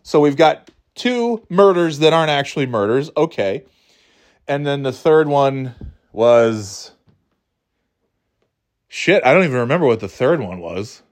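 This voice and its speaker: A man's voice: medium pitch, big pitch swings, measured pace, long pauses. A man hosting a podcast, chatting casually about movies in a rambling, profane way, acting out scenes in mocking voices. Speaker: podcast host.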